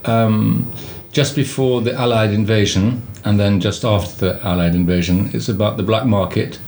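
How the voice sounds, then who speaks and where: A man directing a play, talking in a casual interview, halting with lots of fillers and restarts. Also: fairly low pitch, steady tone, darkish tone, a little hiss or hum. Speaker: theatre director.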